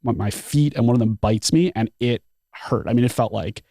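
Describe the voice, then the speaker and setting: Guy with a low gravelly voice, rambling story full of "like", dry close mic. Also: moderate pace, dry recording. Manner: animated, frequent "like" fillers, acts out his own thoughts. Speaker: podcast guest. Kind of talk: casual storytelling.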